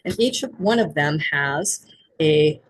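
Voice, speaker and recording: A woman's voice: low voice, animated, takes it slowly, breathy edge, rough recording. A woman who works as an intuitive guide, explaining spiritual astrology in an earnest way.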